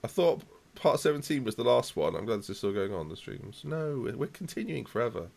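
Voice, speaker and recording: A young man commentating live on his football management game, reacting loudly to the match and chatting to viewers. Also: medium pitch, big pitch swings, fairly quick, vocal fry.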